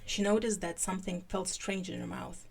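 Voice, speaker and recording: A woman hosting a podcast, giving a live fan fiction reading with an animated delivery that turns halting in her asides. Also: on the low side, gravelly.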